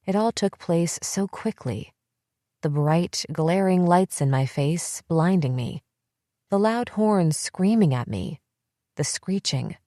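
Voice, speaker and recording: A woman reading a first-person psychological thriller audiobook in a tense, measured way on a close mic. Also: low voice, dark tone, no echo. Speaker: audiobook narrator.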